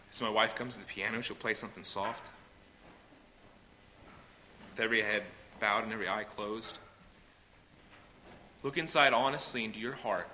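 A man preaching a sermon as pastor, swinging between loud pleading and hushed, quiet lines. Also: fairly low pitch. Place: church sanctuary. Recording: reverberant hall with faint noise.

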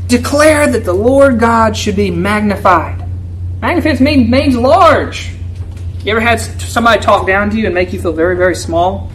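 A man preaching an expository sermon as a church elder, emphatic and often turning to his listeners with "right?", swinging between raised pleading and low, quiet asides. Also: a little hiss or hum, low-quality recording.

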